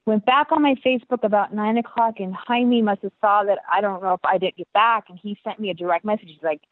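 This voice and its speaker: A woman dancer telling a story in an interview, animated, acting out the voices she quotes and laughing often. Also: medium pitch, fast talker, no room sound. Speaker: guest dancer. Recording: tinny phone-like line, dry.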